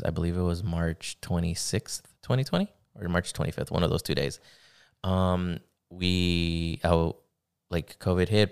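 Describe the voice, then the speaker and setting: A young man telling a personal story in casual podcast conversation, halting, with many fillers and restarts. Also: low-pitched, gravelly, smooth. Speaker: podcast guest.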